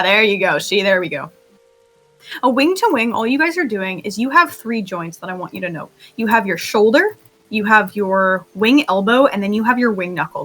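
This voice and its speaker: A woman's voice: mid-range voice, a bit bright, a little hiss or hum. A woman leading a group roleplay training, giggly and often laughing as she gives instructions, with bouts of coughing. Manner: coughing fits. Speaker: training host.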